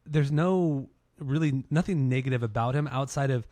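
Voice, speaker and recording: Young male podcast co-host, mid pitch, blunt and profane, dry sound. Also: moderate pace, warm tone, no echo. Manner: blunt, enthusiastic, swears. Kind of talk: casual chat.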